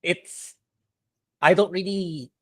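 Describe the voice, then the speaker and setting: A man's voice: high voice, steady tone, slow, dry recording, studio quality. A man co-hosting a casual livestream podcast, chiming in briefly and agreeably with the odd chuckle. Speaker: podcast co-host.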